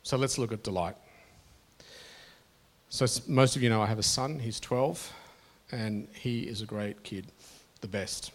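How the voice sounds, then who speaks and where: A middle-aged pastor preaches to his congregation in an earnest, conversational manner, often restarting his phrases. His voice is on the low side and his pace a little slow.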